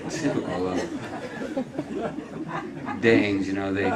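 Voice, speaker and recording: A man's voice: sits low, little pitch movement, slow pace, a loud crowd, very noisy. A man speaking as a guest at a film Q&A, telling anecdotes in a chatty way and often laughing as he talks. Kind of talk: casual anecdotal storytelling. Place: cinema hall in front of an audience.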